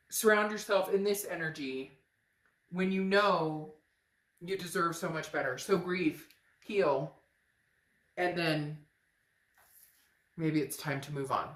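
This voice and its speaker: A woman's voice: on the low side, fairly bright tone. A woman giving an earnest, emphatic tarot reading to her viewers, often repeating phrases. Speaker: tarot reader. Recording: echoey room.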